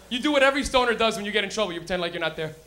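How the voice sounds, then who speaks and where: Profane, bright-voiced stand-up comic. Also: male voice, high-pitched, animated, fast, slight background noise. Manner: loud, profane, laughing at his own jokes. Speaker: stand-up comedian. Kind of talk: stand-up comedy set. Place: live comedy club stage.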